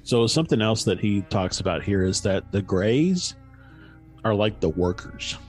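A man with a fairly low voice retells a story in casual podcast chat. He rambles, stops and restarts often, and fills gaps with ums and "you know". Faint music plays underneath. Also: animated, moderate pace. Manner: rambling, many fillers and restarts.

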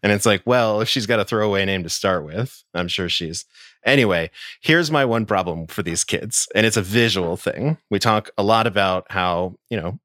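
Man podcast co-host, low voice, easygoing, dry close mic. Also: normal speed, no room sound. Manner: relaxed, laughs often, rambling restarts. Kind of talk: casual chat.

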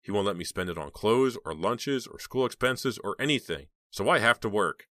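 A man's voice: on the low side, animated, normal speed, pushed and bright, no room sound, studio quality, pitched above the performer's own voice. A man voicing a resentful teenage girl working as a waitress, glum and complaining.

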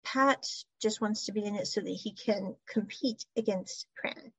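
A woman's voice: medium pitch, unhurried, fairly bright tone, slightly rough, no room sound. A woman giving a casual, rambling recap of a TV series, stringing events together with loose asides. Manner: rambling retelling with "so anyway" asides. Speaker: series reviewer. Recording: dull lo-fi recording.

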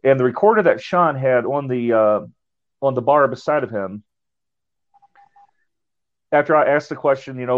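A man of middle pitch tells a ghost-hunting story in a loose, rambling way. He often trips over his words and starts again. The audio sounds dull and lo-fi. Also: moderate pace, pauses often. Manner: rambling, repeats and restarts words. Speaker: paranormal investigator. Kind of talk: casual storytelling.

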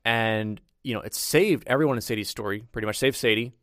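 A man co-hosting a casual podcast, chatty and quick to add his own commentary. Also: mid-range voice, a bit bright, no room sound, clean studio sound. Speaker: podcast co-host. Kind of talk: casual chat.

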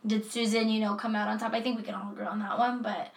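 Chatty, creaky-voiced woman podcast host. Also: medium pitch, little pitch movement, fast, reverberant. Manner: chatty, effusive, laughs easily. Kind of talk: casual podcast chat.

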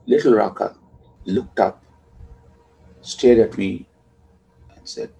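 Reflective dad, gravelly low voice, soft and quiet at line ends. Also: male voice, slow pace, pauses often, rough recording. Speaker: father telling a family story. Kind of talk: personal storytelling.

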